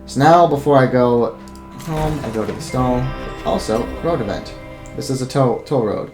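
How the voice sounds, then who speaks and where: A man of middling pitch talks through a card game in a casual, profane let's play style, thinking aloud about each move. Faint music plays underneath. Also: normal speed. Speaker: gameplay commentator.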